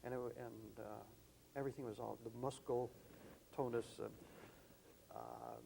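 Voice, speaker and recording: An older man being interviewed, recalling past colleagues in a thoughtful, measured way. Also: mid-range voice, fairly even intonation, vocal fry, mellow, slight background noise, rough recording. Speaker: interview guest. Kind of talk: reminiscing conversation.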